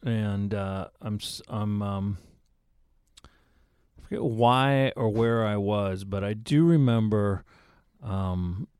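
A middle-aged man, an actor guest in a casual interview, telling stories with lively acted-out voices. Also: fairly low pitch, takes it slowly, clean tone, no echo, studio quality. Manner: animated storyteller, acts out his own panicked inner voice.

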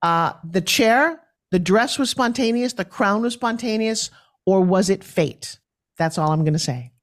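This is a woman in her fifties speaking as a guest on an interview show. She talks in an animated, storytelling way, jumping up and down in pitch as she voices the people in her anecdotes. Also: unhurried. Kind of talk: conversational storytelling.

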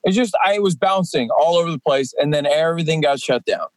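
A man's voice: a little high, expressive, a little fast, no room sound, poor audio. A man in his forties, a professional wrestler guesting on a podcast, talking casually and rambling with many fillers and restarts. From Atlantic Canada.

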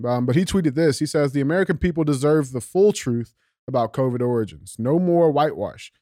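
A young man reads political news and tweets aloud on his podcast, stumbling over words and stopping to swear and riff on them. His voice sits at an ordinary middle pitch. The sound is close and completely dry. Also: a little fast, no room sound. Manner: animated, profane, many fillers and restarts. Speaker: podcast host. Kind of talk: casual political commentary, reading news aloud.

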